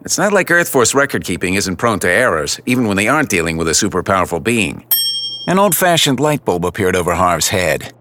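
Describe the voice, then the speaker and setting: A man's voice: deep voice, big pitch swings, a little fast, sharp tone, slight background noise. A man narrating a first-person detective audiobook in a wry, hard-boiled tone. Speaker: audiobook narrator and lead character.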